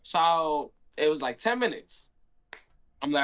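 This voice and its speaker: A man's voice: on the high side, very animated, a little slow, fairly bright tone. A young man, a handball player, telling a story in a casual stream Q&A and acting out his own quotes.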